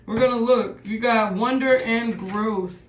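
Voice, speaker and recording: Slow, musing woman in an echoey room. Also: a little high, slight background noise. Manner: musing, thinks aloud while reading cards. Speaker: tarot reader. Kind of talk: casual tarot reading.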